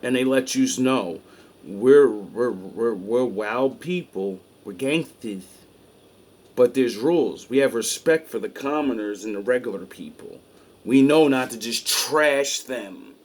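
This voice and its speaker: A man's voice: medium pitch, unhurried. Blunt, profane male streamer. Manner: blunt, emphatic storytelling with heavy swearing. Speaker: streamer reacting to clips. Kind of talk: casual profane commentary.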